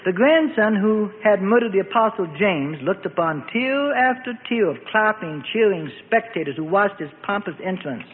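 High-voiced man narrating dramatically. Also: lively intonation. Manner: dramatic, measured storytelling. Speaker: storyteller. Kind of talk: dramatic scripted narration of a biblical story. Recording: phone-like band with long reverb and faint noise.

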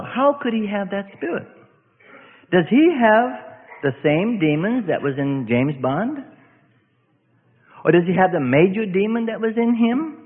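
A male preacher giving an emphatic sermon in a church assembly hall, often breaking in with "see?". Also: high voice. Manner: emphatic, repetitive, keeps asking "see?". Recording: echoey hall, tinny phone-like sound.

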